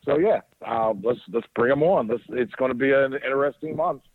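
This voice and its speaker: A man's voice: medium pitch, a little fast, dry recording. A man co-hosting a podcast, telling loose stories in casual sports chat. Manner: loose storytelling with laughs. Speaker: podcast co-host. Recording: tinny phone line.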